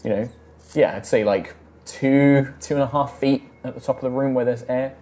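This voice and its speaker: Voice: mid-range voice, normal speed, mellow. A game master describing a flooded dungeon and explaining rules in a casual tabletop session, with many fillers.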